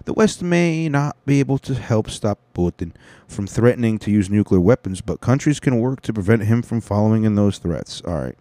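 Man, low pitch, sarcastic, profane, reading news aloud with jokes, dry close mic. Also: expressive, normal speed, dark tone, no echo. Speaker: commentator reacting to a news article. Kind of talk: casual profane commentary.

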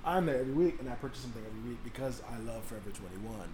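A man's voice: mid-range voice, lively intonation, rapid-fire, mellow, a little hiss or hum. A man co-hosting a casual chat podcast, playful and self-mocking as he tells stories. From Africa. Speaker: podcast co-host. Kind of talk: casual banter. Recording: roomy echo.

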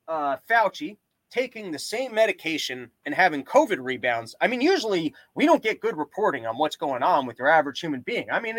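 A man's voice: high-pitched, a bit bright, no room sound, rough recording. A young man hosting a podcast, doing a rambling, sarcastic comedic monologue full of tangents. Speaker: podcast host.

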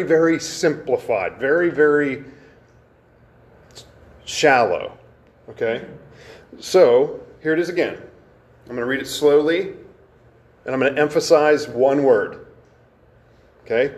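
A man preaching to a congregation in a conversational teaching style, asking questions of the room and slowing down to stress key words. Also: medium pitch, lively intonation. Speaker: pastor.

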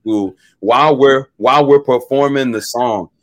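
Guesting on an interview show, a young male musician recounts a story with relaxed animation, frequently laughing and impersonating what others said. He speaks at a moderate pace with a medium pitch, in a recording without echo.

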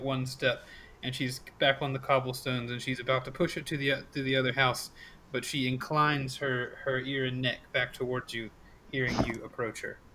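A man's voice: medium pitch, sharp tone, slight background noise, low-quality recording. A man narrating as game master of a tabletop game, casual and full of fillers.

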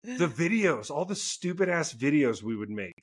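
A man co-hosting a podcast, telling childhood stories in a casual, animated way, laughing and swearing freely. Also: fairly high pitch, normal speed, slightly rough. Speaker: podcast co-host. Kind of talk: casual chat, storytelling.

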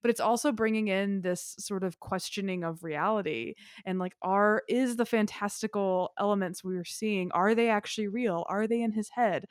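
A woman's voice: medium pitch, moderate pace, few pauses, no echo. Woman co-host, eager and chatty, loose rambling delivery, dry close mic. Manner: enthusiastic, rambling, lots of "like". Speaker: podcast co-host. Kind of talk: casual film chat.

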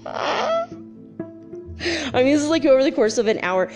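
A woman tells a story casually and with lots of energy. She laughs often and acts out the sounds as she goes. Faint music plays softly in the background. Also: high-pitched, wildly swooping pitch, moderate pace, gravelly, long pauses. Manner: loose and frank, with swearing and fillers. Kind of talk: casual anecdote turned life lesson.

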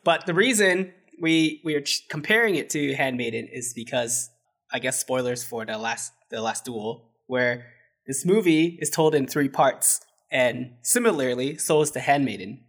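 A man's voice: medium pitch, normal speed, a bit bright. A man co-hosting a casual movie review chat, sarcastic and often laughing. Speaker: podcast co-host.

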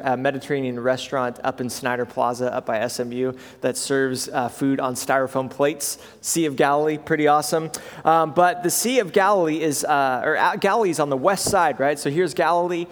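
A male pastor preaching in a relaxed, chatty way, often pausing with "um" and checking in with the congregation. His voice sits a bit higher than most men's and carries the long reverb of a church hall. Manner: conversational, with frequent fillers and "right?" check-ins. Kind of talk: sermon.

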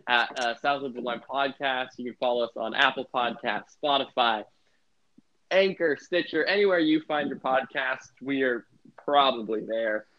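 A man's voice: mid-range voice, normal speed. Young man hosting, muffled lo-fi. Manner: rambling, many filler words. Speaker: podcast host. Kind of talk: casual sports podcast chat. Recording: muffled lo-fi sound.

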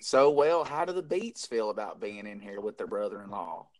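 A man's voice: on the low side, moderate pace. A man co-hosting a casual podcast, talking in a folksy, needling way as he puts questions to the guests. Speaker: podcast co-host.

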